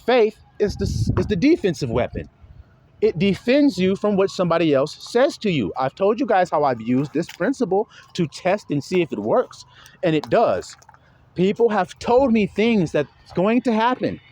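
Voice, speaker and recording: A man's voice: high-pitched, big pitch swings, normal speed, darkish tone. A man preaching in a casual, blunt monologue, emphatic and profane, often mimicking other people's voices.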